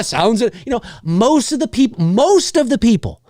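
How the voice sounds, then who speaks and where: Lively, ranting male show host. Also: high-pitched, moderate pace, few pauses. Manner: animated, exasperated, swears freely, mimics noisy kids. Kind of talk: casual ranting monologue.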